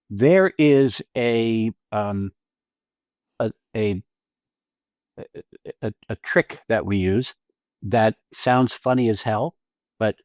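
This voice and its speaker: Guy cohosting an acting podcast, lively, acts stuff out, laughs a lot, dead dry mic. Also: lowish voice, no echo. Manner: animated, acts out quotes and lines, laughs often. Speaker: podcast co-host and acting teacher. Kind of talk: casual conversational podcast chat.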